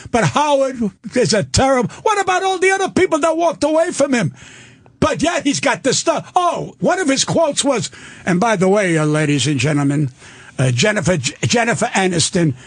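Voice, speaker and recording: An older man, a comedian guest, ranting loudly and profanely on a radio show. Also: high-pitched, animated, normal speed, no room sound.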